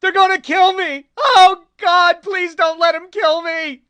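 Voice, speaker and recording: A man's voice: very high voice, fairly even intonation, measured pace, sharp tone, no echo, voice pushed up, full character voice. A man reading an audiobook, voicing a young Marine who has broken down and shrieks and pleads in terror. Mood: hysterical terror. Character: panicked young male Marine cracking up.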